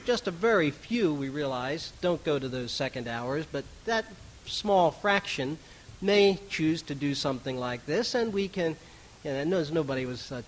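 A middle-aged man preaching a sermon to his congregation in a conversational, animated way with asides. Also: fairly high pitch, slight background noise, low-quality recording. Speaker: pastor.

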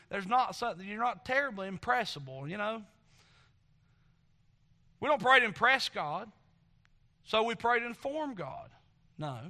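A man's voice: high voice, bright, forceful tone. A man preaching a sermon in a church auditorium, building to emphatic swells and repeating refrains. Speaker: pastor.

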